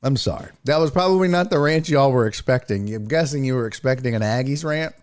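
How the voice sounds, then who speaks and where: A man hosting a live sports talk stream, ranting angrily and cursing, swinging between near-shouts and low mutters. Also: animated, brisk, clear, resonant tone.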